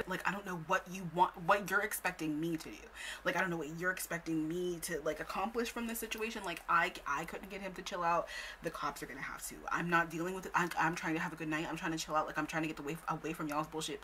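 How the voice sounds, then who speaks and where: A young woman telling a story time with animated, profane, exasperated delivery. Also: lowish voice, fast talker, slight background noise, poor audio. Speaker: storytime vlogger. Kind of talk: casual storytelling.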